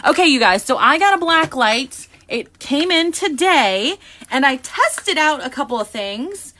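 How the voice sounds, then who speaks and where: A woman hosting a live unboxing, chatting excitedly and greeting viewers by name. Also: sits high, measured pace. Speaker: live-stream host.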